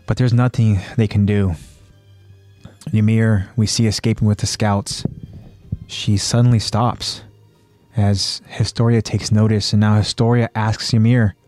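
A man's voice: lowish voice, little pitch movement, unhurried, a little mellow, soft background music. A man hosting a podcast, plainly retelling an anime episode with fillers. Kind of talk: episode recap narration.

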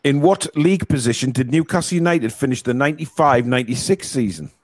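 A man's voice: medium pitch, fast. A man hosting a casual quiz on a live stream, swearing and teasing the callers as he reads the questions. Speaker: quiz host.

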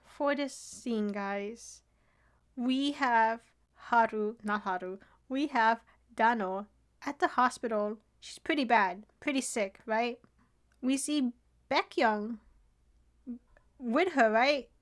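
High-voiced excitable young woman. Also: slow pace, pauses often. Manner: excitable, swears, acts out scenes. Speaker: co-host recapping a drama. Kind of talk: casual chat.

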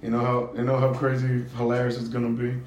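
A man's voice: mid-range voice, completely flat delivery, quick pace, a little mellow. A man in casual podcast banter, a laid-back joking storyteller. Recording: roomy room with background noise.

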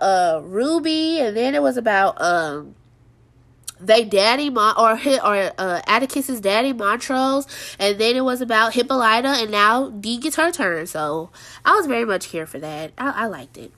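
A woman's voice: fairly high pitch, lively intonation, moderate pace, fairly bright tone. A woman hosting a review show, talking in a chatty, emphatic way full of fillers and repetition. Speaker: show host reviewing TV episodes. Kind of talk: casual review monologue.

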